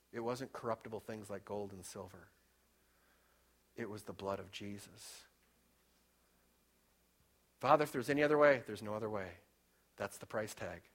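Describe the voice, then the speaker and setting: Male preacher, fervent storyteller, mid-range voice, dynamic swings in volume for emphasis. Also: medium pitch. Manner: storytelling, rises and drops in loudness for emphasis. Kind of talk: sermon.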